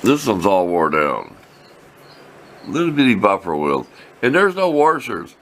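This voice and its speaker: Folksy deep-voiced older man in his workshop. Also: wildly swooping pitch, measured pace, a bit bright. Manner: folksy, rambling, plain-spoken. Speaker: workshop video host. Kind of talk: casual workshop show-and-tell. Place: home workshop.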